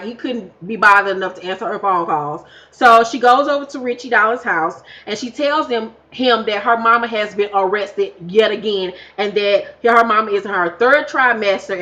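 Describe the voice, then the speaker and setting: A woman's voice: medium pitch, fairly bright tone, muffled recording. A woman recapping a reality show in a casual vlog, sassy, blunt and full of profanity. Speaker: reality TV reviewer.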